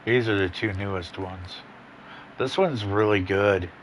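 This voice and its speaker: A man's voice: on the low side, a little slow, slight background noise. A man casually commenting on his gameplay, rambling and blunt, with plenty of swearing. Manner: laid-back, rambling, profane and blunt. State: yawning, a bit tired. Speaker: gaming channel host.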